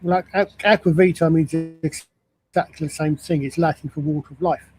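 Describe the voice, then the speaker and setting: Male panelist, higher voice, careful explanatory delivery. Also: fairly even intonation, brisk. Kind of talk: casual group chat.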